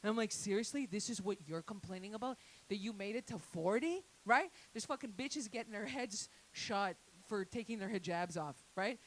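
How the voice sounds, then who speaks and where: A woman's voice: mid-range voice, moderate pace, hardly any pauses, poor audio. A woman doing a crude, rambling stand-up set with lots of asides to the crowd. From Italian-Canadian family. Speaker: stand-up comedian. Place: comedy night venue.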